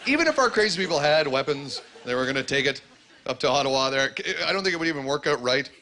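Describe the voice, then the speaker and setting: A Canadian man with a medium-pitched, animated voice talks fast in a stand-up routine on a comedy club stage. He rambles, uses lots of fillers and slips into mock voices for his characters, with loud, noisy club ambience around him.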